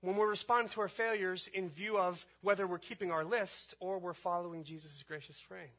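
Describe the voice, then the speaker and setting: A man's voice: sits high, fairly even intonation, brisk, a bit bright. A man preaching a sermon, building emphasis through repeated phrases. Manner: preaching with rising emphasis and repetition. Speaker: pastor.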